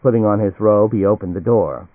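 This is scripted narration of a novel, read measured and even by a man with a lowish voice. No room sound is audible, though the recording is dry and tinny like phone audio.

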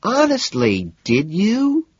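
Guy doing a whiny rich girl voice, high and swoopy, melodramatic, dull dry audio. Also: huge pitch swings, slow pace, slightly rough, dry recording, heavily acted. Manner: whining, exasperated, melodramatic. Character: whiny, high-strung wealthy young woman. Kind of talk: audiobook character voice.

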